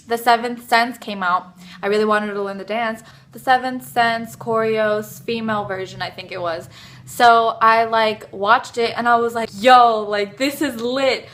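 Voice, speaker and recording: A woman's voice: on the high side, fairly bright tone. Bubbly young woman gushing in a fan vlog. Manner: bubbly, gushing, lots of "like" fillers. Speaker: vlogger.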